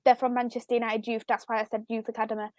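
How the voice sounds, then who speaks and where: Female football co-host, high voice, dry close sound, chatty and giggly. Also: flat delivery, racing, a little mellow, no echo. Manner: laughs often, runs through results. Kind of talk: casual chat.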